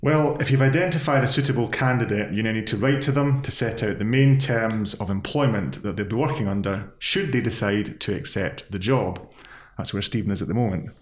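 A man co-hosting a legal podcast, friendly and self-deprecating, measured when he explains. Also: lowish voice. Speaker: podcast co-host, employment lawyer. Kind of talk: casual chat and scripted explaining. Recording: roomy echo.

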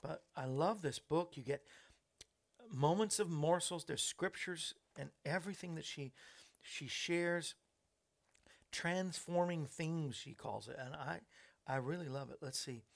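A man's voice: fairly high pitch, unhurried, vocal fry. A man hosting a talk show, chatting in a rambling way and laughing at his own jokes. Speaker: host.

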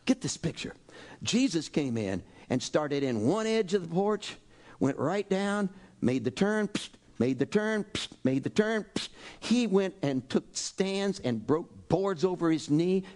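Man, pastor, sermon, lively swooping pitch, exclaiming. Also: measured pace. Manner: animated, exclaiming, swings between loud and soft.

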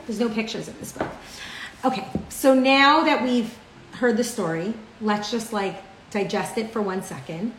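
Woman, chatty teacher narrating a story lesson; average pitch, echoey room. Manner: chatty, with frequent fillers. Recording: roomy with faint ambient noise.

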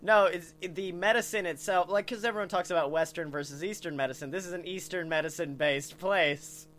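A man's voice: sits high, brisk, soft background music. A man co-hosting a casual podcast, telling stories with lots of swearing and laughter. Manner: animated storyteller, swearing, laughing often. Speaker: podcast co-host.

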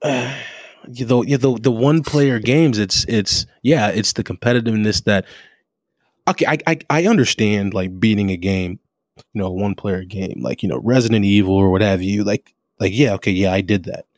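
A man's voice: on the low side, dry recording, studio quality. A man co-hosting a casual gaming chat, talking with eager emphasis and frequent restarts. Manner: enthusiastic, drawn-out emphasis, many restarts. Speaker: podcast co-host. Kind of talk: casual chat about video games.

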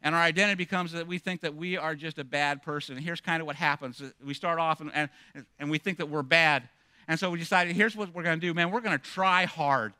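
A man preaching as a pastor, telling stories in an animated, self-mocking way with many restarts. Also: a little high, fairly quick, smooth, no room sound, clean studio sound. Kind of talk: sermon.

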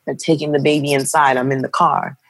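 A young woman casually telling a dramatic personal story, animated and acting out the voices of the people in it. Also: rumbling low, brisk, no room sound. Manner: animated, acts out quoted voices. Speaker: guest telling a birth story.

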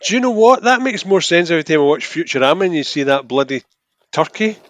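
A man co-hosting a casual podcast, chiming in with relaxed asides and reactions. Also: a little high, fast, dry recording. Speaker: podcast co-host. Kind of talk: casual chat.

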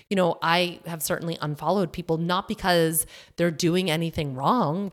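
A woman's voice: on the low side, steady tone, moderate pace. A young adult woman hosting her own podcast, talking casually and animatedly, with lots of "like" and "you know". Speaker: podcast host. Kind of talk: casual solo podcast monologue.

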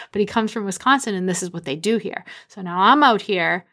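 A woman in her thirties from the Boston area tells a personal story. Her voice sits at an average pitch. She lives the story as she goes, bringing the dialogue to life with animated energy. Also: a little fast, hardly any pauses. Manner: animated, acts out quoted dialogue.

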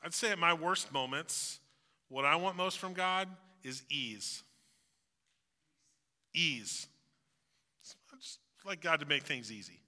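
A man preaching in a large church sanctuary, his voice sharp and very bright and sitting a little high. He talks in a relaxed, reflective way and acts out everyday phrases. A long reverb hangs behind every word. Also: slow pace, long pauses. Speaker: pastor. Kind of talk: conversational sermon.

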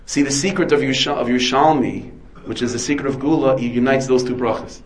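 Talking fast at a medium pitch, an American rabbi works through a Torah lecture by asking questions and supplying the answers. Hebrew and Yiddish terms crowd his speech, and the recording is rough.

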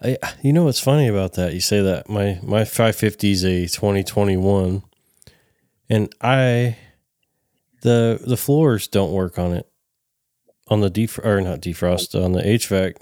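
A man's voice: fairly low pitch, unhurried, darkish tone, dry recording, clean studio sound. A man hosting a casual podcast interview, asking rambling questions full of fillers. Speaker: podcast host.

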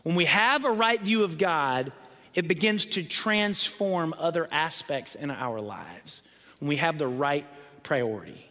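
A man's voice: a little high, lively intonation, unhurried, sharp tone, big-room sound. A man preaching a sermon, emphatic, building lists and repeating words for weight, sometimes dropping almost to a whisper. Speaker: pastor.

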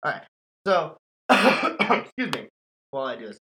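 A man's voice: on the high side, sing-song, a little slow, pushed and bright, a little hiss or hum, low-quality recording. A man hosting a podcast, telling a scary story in casual, profane chat and laughing often. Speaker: podcast host.

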